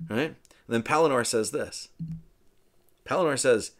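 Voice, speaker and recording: A man's voice: medium pitch, a little slow, long pauses. A man giving a casual, rambling film commentary, full of "you know" and "right?".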